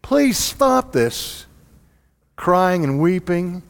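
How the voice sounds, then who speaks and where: A man's voice: a little high, animated, unhurried, a bit bright. A man voicing an exasperated, resolute male apostle who pleads with his friends in rising exclamations.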